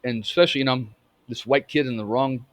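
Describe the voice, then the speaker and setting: A man in his fifties telling a personal story in a halting way, with many restarts. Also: mid-range voice, dry recording. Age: 50s. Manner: halting, full of restarts and fillers. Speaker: storyteller recounting a memory.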